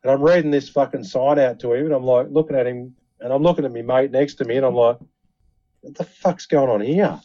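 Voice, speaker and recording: Man, storytelling, heavy swearing, mellow, dull dry sound. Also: medium pitch, steady tone, fast, few pauses, no room sound. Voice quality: heavy swearing, laid-back. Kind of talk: casual banter, storytelling.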